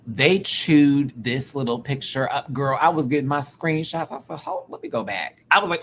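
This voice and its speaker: Man, live review host, campy and animated, mid-pitched, light background noise. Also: normal speed. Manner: animated, campy, breaks into laughter and singing. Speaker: YouTube reviewer. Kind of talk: casual live review chat.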